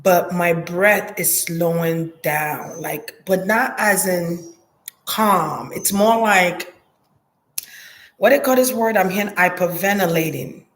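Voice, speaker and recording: A woman's voice: on the low side, slow, a bit bright. A woman giving a psychic reading in a hesitant, murmuring way, repeating words and trailing off. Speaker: psychic reader. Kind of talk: intuitive reading monologue.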